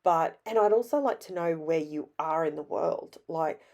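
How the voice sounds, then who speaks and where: A middle-aged Australian woman with a hoarse, raspy voice, chatting in a rambling, self-deprecating way as she narrates her scrapbooking. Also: sits low, normal speed, darkish tone. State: hoarse from illness. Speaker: scrapbooking vlogger. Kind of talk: casual voice-over narration.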